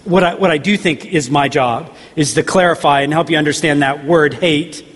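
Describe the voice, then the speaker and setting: A man preaching a sermon as a pastor, conversational and animated, often acting out quotes in little voices. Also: on the high side, normal speed, husky, big-room sound.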